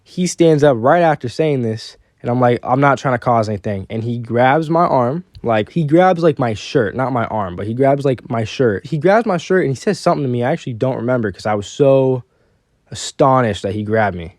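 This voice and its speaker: A young man casually telling a personal story, animated and quoting the people in it. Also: mid-range voice, moderate pace, dry recording, clean studio sound.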